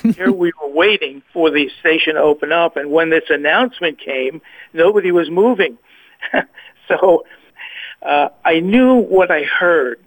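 A man's voice: fairly high pitch, moderate pace. A man giving a personal faith testimony as a guest, hesitant, often repeating and restarting his words. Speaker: guest sharing a personal story. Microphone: phone call. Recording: tinny phone line.

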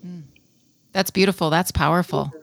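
A woman hosting a podcast, interviewing calmly and affirming her guest, then reading the show's closing lines. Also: on the low side, moderate pace, creaky. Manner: calm, affirming. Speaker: podcast host. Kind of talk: interview and show outro.

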